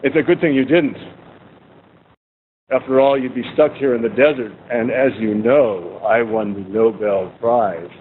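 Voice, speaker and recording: A man's voice: a little slow, natural voice. A man voicing an irritated, pompous older male scientist who snaps at his wife. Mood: smug, snapping. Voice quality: snappish, smug. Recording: tinny phone-like sound, faint rumble.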